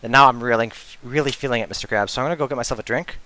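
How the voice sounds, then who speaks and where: A man's voice: mid-range voice, steady tone, racing, bright, forceful tone, a little hiss or hum. A man running a tabletop game as dungeon master, explaining steps patiently with fillers, his throat sore. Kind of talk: narrating a tabletop game over voice chat.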